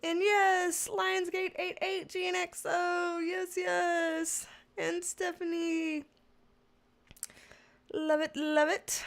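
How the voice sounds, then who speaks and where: A woman's voice: extremely high pitch, flat delivery, takes it slowly, gravelly. A woman in her thirties hosting a casual livestream, reading comments and chatting with exasperated humor and frequent laughter. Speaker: tarot livestream host.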